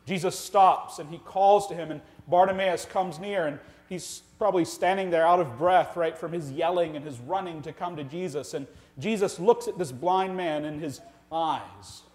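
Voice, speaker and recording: In a church sanctuary, a pastor preaches a sermon to his congregation in a somewhat high voice. He's earnest and full of rhetorical questions, moving between loud emphasis and quiet, slow lines.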